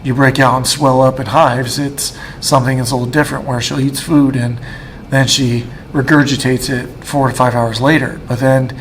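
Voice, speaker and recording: A man in his thirties shares a personal faith testimony in a medium-pitched voice. He speaks haltingly and with emotion, often restarting his sentences. Faint noise sits underneath. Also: flat delivery. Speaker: guest speaker.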